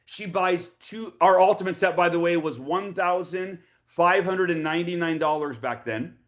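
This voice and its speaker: Man pumped up telling a sales story to a crowd, kinda high voice, repeats words a lot. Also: normal speed. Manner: energetic, repeats words when excited. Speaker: motivational speaker. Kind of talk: storytelling talk to an audience.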